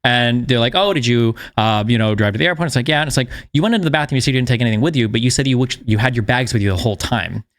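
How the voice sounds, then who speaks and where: A man's voice: mid-range voice, racing, hardly any pauses. A man hosting a casual chat, telling profane stories and acting out both sides of the exchanges. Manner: profane, animated storytelling, acts out both sides. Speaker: host.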